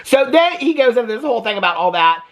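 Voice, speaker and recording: Sassy guy dishing on a reality show, talks super fast, keeps saying okay. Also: high-pitched, lively intonation, creaky. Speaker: TV reaction vlogger. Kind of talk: casual TV recap commentary.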